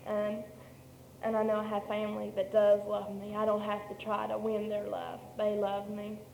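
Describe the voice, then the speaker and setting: A woman's voice: mid-range voice, completely flat delivery, moderate pace, gravelly, a little mellow. A woman shares a personal testimony at a meeting, rambling and correcting herself as she goes. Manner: rambling storytelling, many restarts and self-corrections. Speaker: speaker sharing her story at a meeting. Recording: echoey hall with faint background noise.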